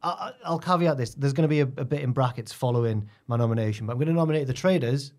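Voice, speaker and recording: A man's voice: medium pitch, quick pace. A man, co-hosting a casual chat and telling stories animatedly, acting out what others said. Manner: animated storytelling, acts out quotes. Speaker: podcast co-host.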